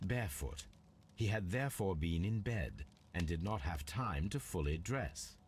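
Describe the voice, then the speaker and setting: A composed Victorian detective in a video game, his very low voice rising and falling freely as he delivers crisp, deliberate observations. Faint background noise sits under the lines. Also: expressive. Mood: measured. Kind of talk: scripted game dialogue.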